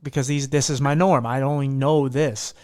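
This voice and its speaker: A man's voice: medium pitch, fairly even intonation, moderate pace, a little mellow, no room sound, studio quality. A man hosting a casual podcast conversation, talking in a sarcastic way and swearing freely. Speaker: podcast host.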